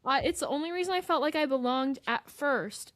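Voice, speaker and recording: A woman's voice: high-pitched, a little fast, fairly bright tone, slight background noise. A young woman, co-hosting a podcast and telling an emotional story in casual chat. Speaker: podcast co-host.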